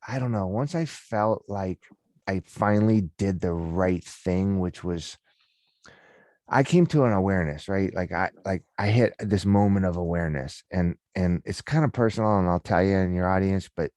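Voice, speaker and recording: A man's voice: sits low, normal speed, a little mellow, no room sound, studio quality. A middle-aged man, a podcast guest, telling a personal story in casual, candid talk with many restarts.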